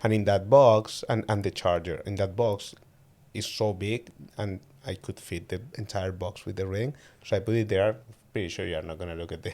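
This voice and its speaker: Deep-voiced man, podcast guest, relaxed casual talker. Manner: relaxed, halting, restarts sentences. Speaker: guest, fiancé. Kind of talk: casual chat.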